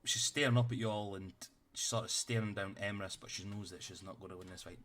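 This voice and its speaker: A man's voice: lowish voice, fairly even intonation, fast, a bit bright. A man running a tabletop game as game master, narrating loosely with lots of fillers and casual swearing.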